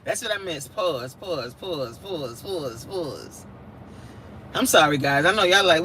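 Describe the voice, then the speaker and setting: A woman's voice: on the low side, sing-song, takes it slowly. A woman from New York hosting a live stream from her car, chatting casually in slangy talk and laughing often. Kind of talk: casual chat while driving. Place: inside a car in snowy weather. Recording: loud car road noise. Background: vehicle engine and road noise.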